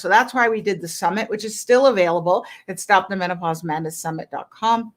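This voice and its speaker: A woman's voice: mid-range voice, fairly quick, hardly any pauses. A middle-aged woman health coach talking to viewers on a live stream, emphatic and persuasive, often tagging her points with "right?".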